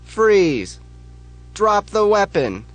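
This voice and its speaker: A man reading an audiobook voices a male contest judge blending into police orders, with clipped shouted commands. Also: high voice, drawn-out words, pitched above the performer's own voice, heavily acted. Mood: commanding.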